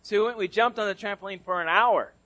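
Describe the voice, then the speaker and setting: Preaching quickly in a high-pitched voice, a male pastor from California tells a story in a conversational way. His sermon moves back and forth between loud and hushed moments.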